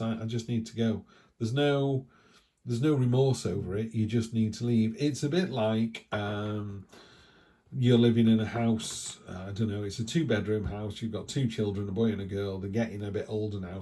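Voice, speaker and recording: A middle-aged man talks through a tarot reading. His voice sits a little low and sounds warm and mellow. He rambles in a chatty way, with animated asides. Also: slight background noise. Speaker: tarot reader. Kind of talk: casual spoken tarot reading.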